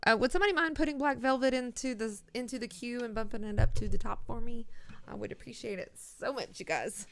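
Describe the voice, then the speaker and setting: A woman chats casually with her viewers during a late-night music livestream, taking song requests. Her voice sits a bit high and carries a gravelly fry. She sounds a little out of breath, with guitar faintly behind her. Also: quick pace, a bit bright, slight background noise. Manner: chatty, reads chat and takes song requests. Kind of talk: casual live-stream chat.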